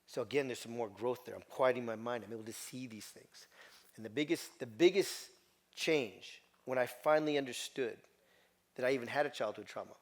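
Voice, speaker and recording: A man's voice: medium pitch, a little fast. A middle-aged man giving a motivational talk to a group, telling a personal story in an emphatic way and repeating phrases. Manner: emphatic, repetitive storytelling with quoted voices. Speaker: motivational speaker.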